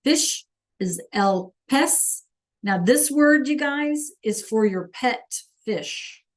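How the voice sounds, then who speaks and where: Slow, encouraging woman teacher. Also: on the high side, expressive. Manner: slow careful enunciation of words for students to repeat; encouraging, calls on students by name. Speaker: Spanish teacher. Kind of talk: live online class teaching.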